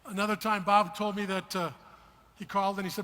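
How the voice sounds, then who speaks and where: A male preacher tells stories from the pulpit, acting out both sides of each conversation with animated energy. His voice sits high and bright, and it rings with a long hall reverb over a faint background hiss. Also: brisk. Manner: animated anecdotes acted out in quoted dialogue. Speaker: pastor. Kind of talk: sermon storytelling. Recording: echoey hall with faint noise.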